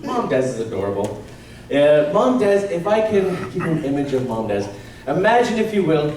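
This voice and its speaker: A man from Canada doing stand-up, his fairly high voice swinging up and down as he jokes and laughs at himself. He is heard from far off in a big echoey convention hall with audience noise around him. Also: normal speed. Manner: animated and self-deprecating, often laughing. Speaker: stand-up comedian. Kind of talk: stand-up comedy set.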